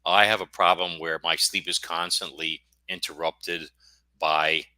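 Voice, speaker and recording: A middle-aged American man with a very deep voice and a sharp, forceful tone. He rambles and cracks self-deprecating jokes as a podcast guest. The sound is dry and close. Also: steady tone, measured pace, no echo. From United States. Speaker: guest author. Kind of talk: casual podcast interview.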